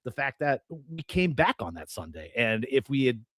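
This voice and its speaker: A man co-hosting a casual golf betting podcast, ranting with lively, profane emphasis. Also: mid-range voice, moderate pace, no room sound. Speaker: podcast co-host. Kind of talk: casual sports betting chat.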